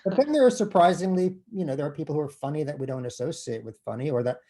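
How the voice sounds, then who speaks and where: A man interviewed as an author, talking in an animated, self-deprecating and profane way. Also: on the high side, quick pace. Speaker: author guest. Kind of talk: conversational interview. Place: bookstore event.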